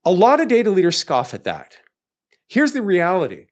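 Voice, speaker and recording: A man's voice: high-pitched, wildly swooping pitch, moderate pace, lo-fi sound. A man hosting a live webinar, talking in an emphatic, rhetorical way and firing off questions that he answers himself. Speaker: webinar host.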